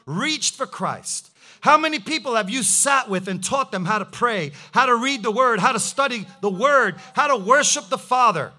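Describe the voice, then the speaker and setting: Brief: high-pitched male pastor, fiery preaching, lots of rhetorical questions. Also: sharp tone. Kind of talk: sermon.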